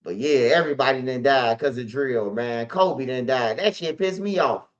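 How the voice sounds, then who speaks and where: A man's voice: mid-range voice, normal speed. Man telling a story on lo-fi audio. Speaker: host of a street news channel. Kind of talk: casual storytelling monologue. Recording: dull lo-fi audio.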